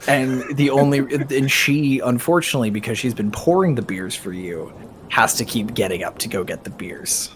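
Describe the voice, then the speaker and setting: A man's voice: medium pitch, normal speed, slight background noise. A man narrating as game master in a casual tabletop game, talking loosely with restarts and laughs. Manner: chatty, laughing, many restarts.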